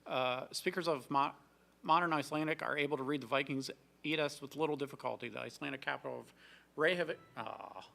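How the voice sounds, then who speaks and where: A man's voice: mid-range voice, fairly quick, vocal fry, sharp tone. A man co-hosting a live trivia show, reading out fun facts and chatting between questions. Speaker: trivia co-host.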